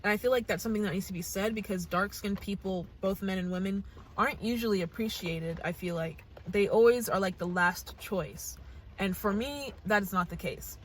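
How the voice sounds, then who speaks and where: A woman's voice: mid-range voice, normal speed, slight background noise. Earnest young American woman vlogger. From United States. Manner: earnest, gushing, thinks aloud with restarts. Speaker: reaction channel host. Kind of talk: casual talk to camera.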